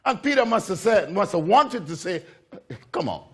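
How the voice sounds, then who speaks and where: A man's voice: sits high, expressive, moderate pace, slightly rough. A man preaching a sermon, telling a story with repeated phrases and acting out the voices of the people in it. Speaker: pastor.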